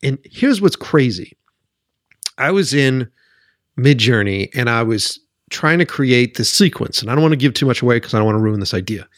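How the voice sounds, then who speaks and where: Animated, profane man ranting. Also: mid-range voice, brisk, no room sound, clean studio sound. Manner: animated, profane, sarcastic, keeps asking "right?". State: worked up. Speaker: podcast host. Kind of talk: solo podcast rant.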